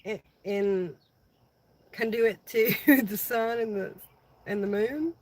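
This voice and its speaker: A woman's voice: mid-range voice, slow, a little mellow, rough recording. A middle-aged woman hosting a casual livestream, chatting with viewers and answering their comments by name. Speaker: livestream host.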